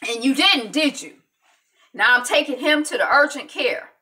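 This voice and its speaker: A woman voicing an angry, protective father who talks in a loud, scolding way. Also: fairly high pitch, animated, a little slow, far from the mic, pitched above the performer's own voice.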